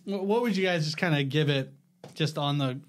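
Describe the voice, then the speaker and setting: A man's voice: a little high, a little fast. A man hosting a podcast, laid back and chatty, in casual conversation with friends. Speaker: podcast host. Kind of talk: casual chat.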